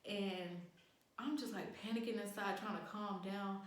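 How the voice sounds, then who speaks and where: A woman's voice: medium pitch, moderate pace. Young woman vlogger, loose and profane, telling a storytime; very echoey room. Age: young adult. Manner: animated, profane, acts out quotes. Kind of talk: casual storytime chat.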